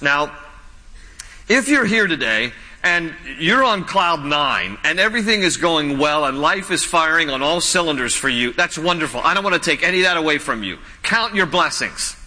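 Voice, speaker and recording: Male pastor, slightly high and very bright voice, earnest conversational sermon that slows down for emphasis. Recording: long hall reverb.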